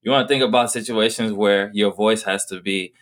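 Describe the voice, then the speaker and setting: A man's voice: fairly low pitch, fairly even intonation, fairly quick, fairly bright tone. A young man chatting casually in a laid-back, musing way. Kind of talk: casual chat.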